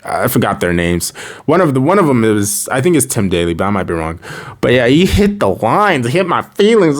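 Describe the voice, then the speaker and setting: A man talking through a casual video review in a rambling, jokey way. His voice sits at an ordinary middle pitch. He keeps breaking into sudden high dramatic outbursts. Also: big pitch swings, normal speed. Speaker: show reviewer.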